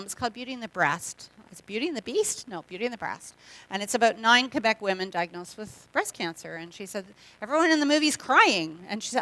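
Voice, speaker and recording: Her voice sits at medium pitch with a slightly bright tone. This middle-aged Canadian guest speaker shares a funny testimony at church, joking around conversationally and performing the quoted voices.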